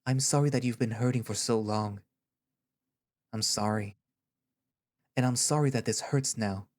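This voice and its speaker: A man voicing a gentle, caring male therapist who speaks in a soft, reassuring, patient way in an audio story reading. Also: mid-range voice, a little slow, close to an everyday voice. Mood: comforting.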